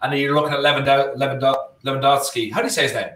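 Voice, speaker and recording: A man's voice: medium pitch, rapid-fire. Irish man chatting football, roomy sound. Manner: rambling, animated, self-correcting. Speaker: co-host. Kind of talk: casual football watchalong chat. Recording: roomy echo.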